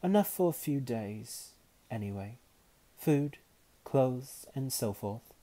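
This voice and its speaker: A man reading aloud and voicing an imperious, scheming woman wizard who speaks with haughty calm. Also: mid-range voice, a little slow, voice pushed up. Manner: haughty and calmly menacing.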